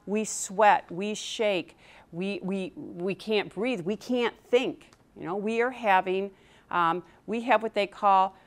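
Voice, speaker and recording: A middle-aged woman coaches a live audience on public speaking in an animated, conversational way. Her voice sits at a middle pitch, and she keeps asking the room questions. She often drops into the anxious inner voices of nervous speakers. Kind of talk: motivational talk to a live audience.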